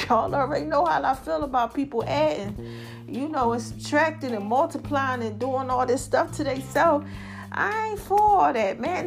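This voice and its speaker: A woman hosting a casual podcast monologue, chatty and laughing often as she talks straight to her listeners. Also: high voice. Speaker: podcast host.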